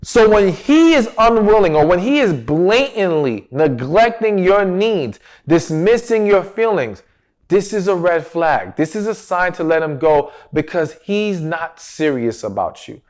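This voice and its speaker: A man's voice: high voice, very animated, measured pace. A man hosting a relationship advice talk, speaking straight to the viewer with emphatic stress and rhetorical questions. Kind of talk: direct-to-camera advice talk.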